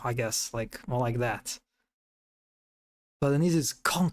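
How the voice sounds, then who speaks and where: A man's voice: fairly high pitch, animated, unhurried. A man streaming live in casual commentary, amused, often restarting his sentences and imitating animal sounds.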